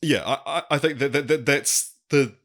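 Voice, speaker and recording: A man's voice: medium pitch, normal speed, a bit bright. A man co-hosting a casual film podcast who laughs often and jokes by acting out quotes. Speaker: podcast co-host.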